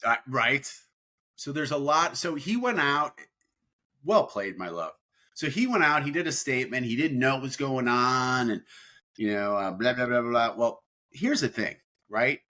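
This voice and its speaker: A man's voice: mid-range voice, normal speed, pushed and bright. A man co-hosting a podcast in casual chat, rambling and repeating words as he talks. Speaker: podcast co-host.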